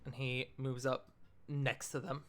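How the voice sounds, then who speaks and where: A man narrating as game master of a live tabletop game, laid-back and quick to laugh. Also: medium pitch, little pitch movement, a bit bright, faint music behind.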